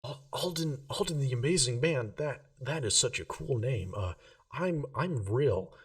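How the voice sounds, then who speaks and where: A man's voice: medium pitch, animated, unhurried, distant mic, voice pushed up. A man voicing a nervous, starstruck young man who stammers and apologizes. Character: nervous young male fan of wizards.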